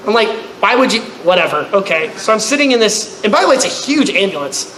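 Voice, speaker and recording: Brief: male convention panelist, high and bright, echoey panel room, comic storytelling with animated voiced-out characters. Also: quick pace. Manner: animated, acts out others with loud high-pitched outbursts. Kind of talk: comedic storytelling to a live audience. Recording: echoey room, faint noise.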